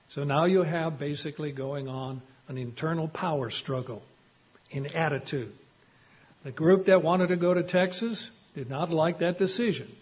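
A man preaching a sermon, measured and emphatic, often quoting scripture. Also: a little high, darkish tone, husky. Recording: dull lo-fi recording.

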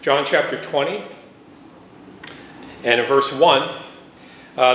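A man's voice: mid-range voice, takes it slowly, pauses often, fairly bright tone. A man preaching a sermon, reading scripture verses aloud and stopping to explain them, with frequent "uh" and "um". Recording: echoey room, faint background noise.

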